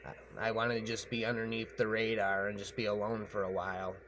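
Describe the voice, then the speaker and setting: Man telling a rambling story, lowish voice, repeats himself, noisy background. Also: monotone, fairly quick. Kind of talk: rambling spoken horror story.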